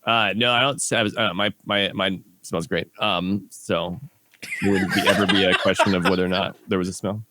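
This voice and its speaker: A man's voice: moderate pace, heavy background noise. A man co-hosting a podcast from home, bantering in a teasing, joking way. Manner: teasing, joking, lively swings in pitch. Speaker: podcast co-host. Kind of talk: casual banter. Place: home, remote recording.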